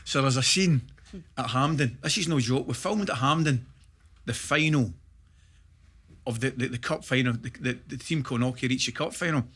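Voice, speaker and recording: Scottish man, middle-aged, bright voice, animated storyteller who laughs through his tales, casual podcast guest. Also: mid-range voice, moderate pace, slightly rough. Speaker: guest, former footballer. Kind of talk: casual podcast chat, anecdote telling.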